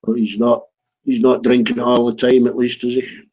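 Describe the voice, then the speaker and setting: A man's voice: mid-range voice, little pitch movement, normal speed, a little mellow, breathy edge, lo-fi sound. A man in casual phone chat, dry and teasing, swearing casually.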